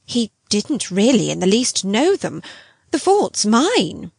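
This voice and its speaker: A woman's voice: mid-range voice, very animated, slow pace, vocal fry, a little mellow, slightly rough, no echo, studio quality, heavily acted. A woman voicing an anxious, devoted older housekeeper who speaks with pleading emotion in an audiobook reading. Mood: earnest.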